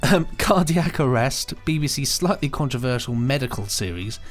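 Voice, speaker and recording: A man's voice: mid-range voice, expressive, moderate pace, faint music behind. Chatty man reading emails. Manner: reads emails, chatty, laughs often. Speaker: podcast co-host reading listener emails. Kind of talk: casual chat.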